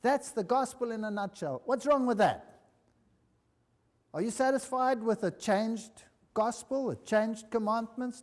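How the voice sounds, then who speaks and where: A man preaching a sermon and telling a story, emphatic and conversational, moving between loud and hushed delivery. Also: high-pitched. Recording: long reverb of a large hall.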